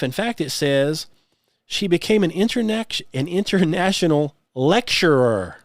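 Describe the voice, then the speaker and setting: A man's voice: mid-range voice, no echo, clean studio sound. A man hosting his own show, talking alone in a sarcastic, scoffing way with folksy phrasing. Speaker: podcast host. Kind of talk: solo commentary.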